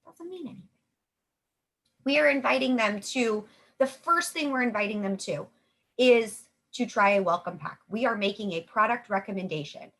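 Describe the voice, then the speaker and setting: A woman's voice: on the high side, moderate pace, fairly bright tone. A young adult woman talking from home, coaching in a chatty, upbeat way and acting out sample sales conversations. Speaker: network marketing coach. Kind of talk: casual coaching talk.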